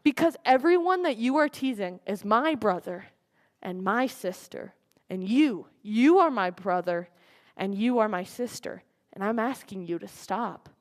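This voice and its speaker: A woman giving a dramatic recited speech at a school program, swinging between forceful declarations and hushed, quiet lines. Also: mid-range voice, animated, unhurried. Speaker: student speaker at a school program.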